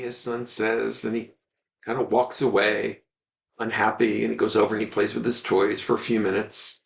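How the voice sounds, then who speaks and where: A man teaching in a webinar, telling a story with animated, earnest delivery and ending on a gentle message. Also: fairly low pitch, normal speed, creaky. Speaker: Ayurvedic teacher.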